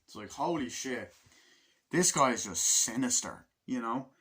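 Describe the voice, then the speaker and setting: A man's voice: medium pitch, lively intonation, a little slow, bright, forceful tone. A man casually reviewing a film in a rambling, filler-heavy way, swearing often and acting out lines from the movie.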